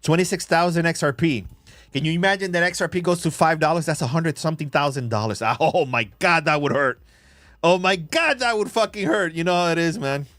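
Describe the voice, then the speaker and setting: A man hosting a crypto livestream, talking excitably and swearing as he gives rapid shout-outs to viewers, recorded on a phone. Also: on the high side, dry recording. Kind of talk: casual livestream chat.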